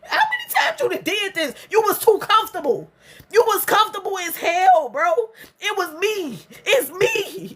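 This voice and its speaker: A young adult woman speaks in a high register, delivering a raw, emotional venting monologue. She is blunt and profane and circles back to repeat her points. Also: sing-song, unhurried, fairly bright tone. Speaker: vlogger.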